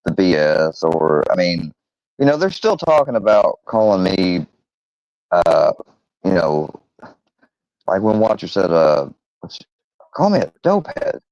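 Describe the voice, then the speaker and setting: A man hosting his own channel, rambling defensively with many fillers and pauses as he rants casually. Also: low-pitched, animated, darkish tone, no room sound. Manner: rambling, halting, full of fillers; defensive, irritated. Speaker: channel host. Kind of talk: rambling casual vlog rant. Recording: dull lo-fi close recording.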